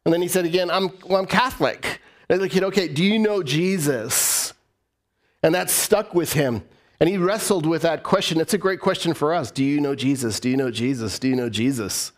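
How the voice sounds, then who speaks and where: A male pastor delivering a sermon in an animated storytelling manner. His voice sits a little high for a man and climbs and drops as he tells stories to his congregation. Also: fast talker. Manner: animated storytelling, voice rising and falling.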